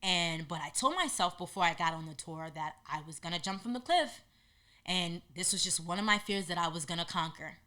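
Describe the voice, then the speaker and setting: A woman hosting a podcast, telling a personal story in an animated way and acting out what people said. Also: on the low side, fairly quick. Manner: animated, acts out quotes in lively voices. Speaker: podcast host.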